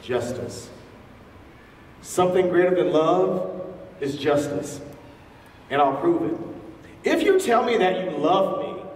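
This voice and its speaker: A man's voice: high-pitched, a little mellow, far from the mic. Man speaking in an echoey hall. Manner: engages the audience with questions. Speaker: featured speaker. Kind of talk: public talk to a live audience.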